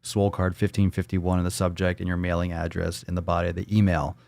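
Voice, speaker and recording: A man's voice: sits low, level tone, quick pace, gravelly, a little mellow, no room sound. A man hosting a live fitness stream, chatting casually and bluntly with lots of swearing while he reads out viewer posts. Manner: blunt, profane, playful, jumps into silly voices. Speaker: fitness show host.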